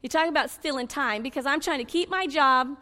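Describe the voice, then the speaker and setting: High-voiced woman preaching with fervor. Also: brisk, long reverb tail. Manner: animated, swings between loud pleading and low confiding. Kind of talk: sermon.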